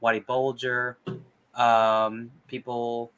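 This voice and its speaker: A man's voice: medium pitch, little pitch movement, takes it slowly, a bit bright, clear, resonant tone, highs cut off. Chatty man cohosting a podcast. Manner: loose and chatty, casual swearing, many fillers. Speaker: podcast co-host. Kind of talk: casual podcast chat.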